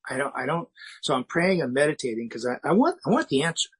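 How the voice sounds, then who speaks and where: A man's voice: a little high, big pitch swings, quick pace, slightly rough, rough recording. A middle-aged man from the United States speaking as a recovery meeting speaker, in a candid, self-mocking personal talk with frequent restarts.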